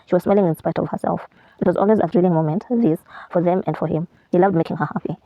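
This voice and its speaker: A woman vlogger reading a novel aloud, steady with small slips and restarts. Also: fairly low pitch, fast talker, no echo, phone-quality sound.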